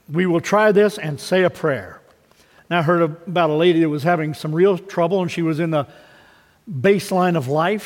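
Male pastor, high voice, folksy storytelling sermon, church hall reverb. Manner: conversational preaching with folksy stories. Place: church sanctuary. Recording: long reverb of a large hall.

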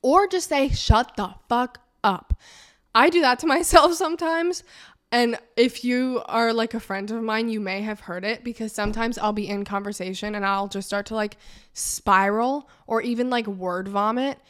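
A woman's voice: fairly high pitch, moderate pace, clear, resonant tone. Young woman podcast host, casual and blunt, swears freely, acts out imagined lines. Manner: frank, profane, animated, acts out imagined dialogue. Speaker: podcast host and life coach. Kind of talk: casual advice monologue.

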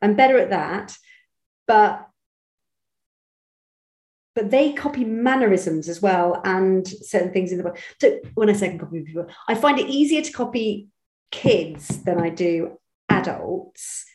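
A woman's voice: medium pitch, measured pace, a little mellow. A woman from Bristol, a voice actress chatting in an interview with many restarts and self-deprecating asides. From Bristol, England. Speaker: voice actress guest. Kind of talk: casual interview chat. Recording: echoey room.

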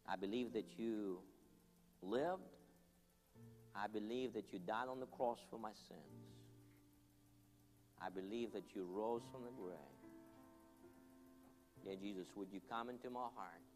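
In a church hall, a pastor gives an altar call, earnest and pleading as he leads the congregation in prayer line by line. His voice is on the low side, measured and often pausing. Long hall reverb and soft background music fill the recording.

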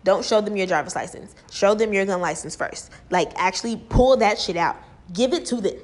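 A young woman ranting and gossiping to her viewers in a blunt, profane, animated way. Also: mid-range voice, fairly quick. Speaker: vlogger. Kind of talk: casual rant and gossip.

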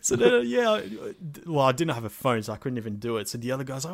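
A man's voice: medium pitch, sing-song, quick pace, vocal fry. A man co-hosting a podcast, telling a gaming story in a laid-back way and swearing freely. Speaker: podcast co-host. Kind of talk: casual storytelling chat.

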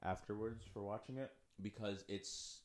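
A man's voice: on the low side, steady tone, moderate pace. A man co-hosting a podcast in casual chat, talking enthusiastically with lots of filler words. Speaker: podcast co-host.

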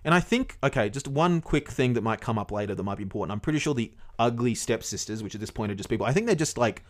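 Fast-talking man telling a rambling tale. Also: mid-range voice, animated. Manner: rambling, swears often, many fillers. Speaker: podcast host. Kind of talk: casual storytelling to a co-host.

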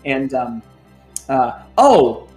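Halting male game master, faint music. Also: mid-range voice, big pitch swings, darkish tone. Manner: halting, many ums and uhs, clears throat. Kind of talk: narrating a tabletop game.

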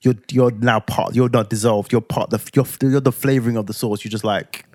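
A man in his twenties with a London accent, telling a story on a podcast in casual chat, animated and swearing freely. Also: medium pitch, a little fast, dry recording, clean studio sound. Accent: London English. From England. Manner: animated, swears freely, acts out heated quotes. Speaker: podcast co-host.

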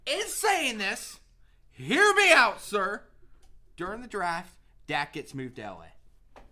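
A woman co-hosting a casual sports podcast, ranting in an animated, profane way and laughing often. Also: medium pitch, slow. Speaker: podcast co-host.

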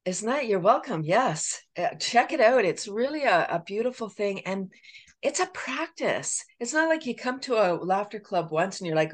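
A woman with a Canadian accent, a laughter coach chatting as a guest, animated and laughing often as she acts out little voices. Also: medium pitch, moderate pace. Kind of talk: casual podcast interview.

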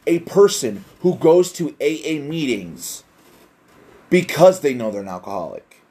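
A man's voice: medium pitch, darkish tone. A young man hosting a casual solo podcast, rambling and self-deprecating, swearing often. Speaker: podcast host.

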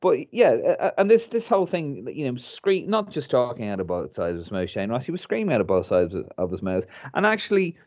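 A man's voice: medium pitch, sing-song, fairly quick, hardly any pauses, darkish tone, dull audio. A man, co-hosting a casual football chat and rambling animatedly with many restarts. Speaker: podcast co-host.

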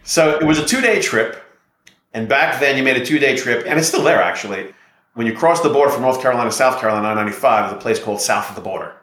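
A man's voice: mid-range voice, lively intonation, fast talker, a bit bright, roomy sound. A middle-aged man, a real estate investor and podcast guest, talking in a confident, persuasive way. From United States. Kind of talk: podcast interview storytelling.

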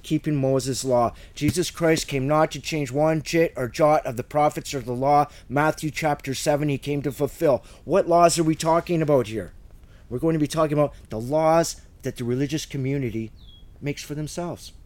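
A man's voice: fairly high pitch, normal speed, a little mellow. A man teaching the Bible verse by verse in fervent, conversational preaching, at times choked up with emotion.

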